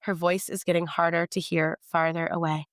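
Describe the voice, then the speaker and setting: A woman reading her novel aloud in the first person, in a measured, tense storytelling manner. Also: fairly low pitch, little pitch movement, no room sound, clean studio sound.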